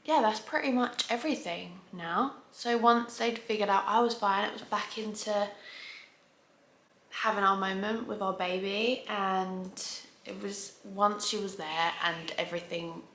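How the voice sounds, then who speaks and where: A woman's voice: medium pitch, fairly even intonation, a little slow, a bit bright, slight background noise. A woman vlogger telling a long story to the camera at home, chatty and rambling, often stopping to restart a sentence. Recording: roomy echo.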